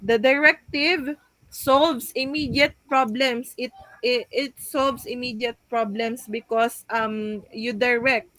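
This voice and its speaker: A woman's voice: a little high, steady tone, takes it slowly, a bit bright, dry recording, rough recording. A young woman giving a class report, hesitant, with frequent fillers and restarts as she reads out points. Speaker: student presenting a class report.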